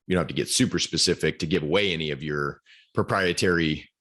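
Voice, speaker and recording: A man's voice: very deep voice, fast, a bit bright. A man hosting an interview, asking a rambling question with many restarts. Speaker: podcast host.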